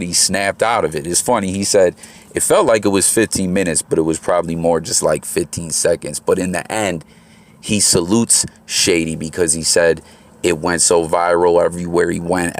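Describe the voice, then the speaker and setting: A man's voice: deep voice, flat delivery, normal speed. A man hosting his own channel, giving laid-back, slangy commentary while out moving around. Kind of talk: casual commentary. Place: outdoors on the move.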